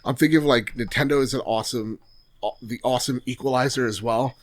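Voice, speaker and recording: A man's voice: mid-range voice, fast talker, no echo. A man co-hosting a casual gaming podcast, joking around and reading listener reviews aloud. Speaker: podcast co-host.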